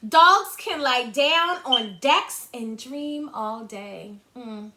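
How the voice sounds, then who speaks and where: A woman's voice: on the high side, expressive, extremely slow, few pauses, sharp tone. A woman teacher reading a picture book to young children in a sing-song, encouraging way. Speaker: kindergarten teacher.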